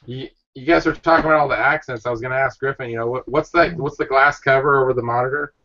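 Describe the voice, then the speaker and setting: A man's voice: mid-range voice, fairly even intonation, fast, sharp tone, lo-fi sound. A man chatting casually and asking easygoing questions. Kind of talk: casual chat.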